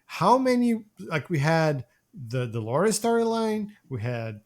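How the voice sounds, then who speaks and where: Guy on a movie podcast, bit high voice, jumps all over in pitch, keeps restarting. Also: slow. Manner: animated, trailing restarts. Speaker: podcast co-host. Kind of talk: casual film review chat.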